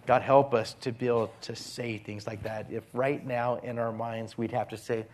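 A man preaching a sermon as a pastor, earnest, often dropping his voice to a hushed whisper on key phrases. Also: medium pitch, steady tone, moderate pace.

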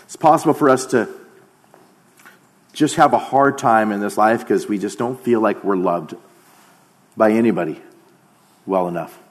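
A man's voice: on the low side, normal speed, pauses often. A man preaching a sermon, emphatic, dropping to a near-whisper on key phrases.

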